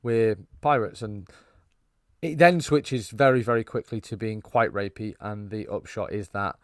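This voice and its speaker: A man's voice: lowish voice, moderate pace, no echo. A man chats through a cheesy film on a podcast. He rambles and swears, and the close mic is dry and free of room sound. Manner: rambling, swearing, laughing at his own jokes. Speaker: podcast co-host. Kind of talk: casual film-review chat.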